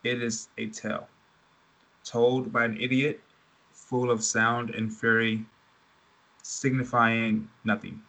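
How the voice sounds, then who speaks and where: A man co-hosting a casual chat, reading a speech aloud in a slow, measured way. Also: mid-range voice, little pitch movement, pushed and bright, rough recording.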